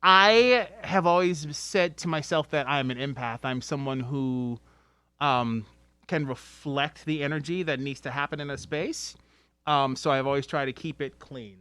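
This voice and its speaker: A man's voice: on the high side, a little slow, clean tone, no echo. A middle-aged man telling a workplace story in a casual, profane way, swearing freely and acting out what he said in anger. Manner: animated, swears freely, acts out angry quotes. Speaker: podcast guest, restaurant veteran.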